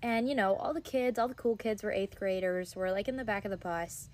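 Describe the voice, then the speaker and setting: A woman of Indian background telling a quiet, laid-back story about middle school. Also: medium pitch, brisk. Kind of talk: casual storytelling.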